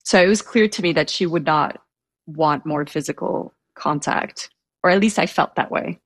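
Husky, gravelly soft-spoken woman. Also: low-pitched, moderate pace, dry recording. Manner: soft-spoken, hesitant, with fillers; self-described introvert. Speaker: guest telling a personal story. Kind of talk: casual storytelling interview.

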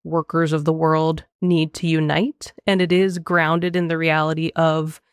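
Young female co-host, lively and chatty, lower voice, dry close sound. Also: clear, resonant tone, no echo. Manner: animated, laughs often, talks in quick bursts. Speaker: podcast co-host. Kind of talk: casual film discussion.

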